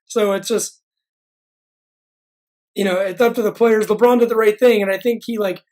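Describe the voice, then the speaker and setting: A man's voice: high voice, steady tone, moderate pace, a little mellow, poor audio. A man co-hosting a sports podcast who rambles through anecdotes, filling gaps with "like". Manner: rambling storyteller, constant "like" filler. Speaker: podcast co-host. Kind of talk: casual sports chat, anecdote telling.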